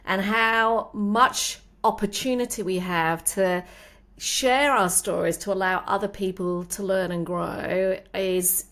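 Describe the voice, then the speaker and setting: A woman hosting an interview and telling her own stories in an unhurried, colloquial way. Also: mid-range voice, fairly bright tone. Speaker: podcast host. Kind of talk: interview conversation.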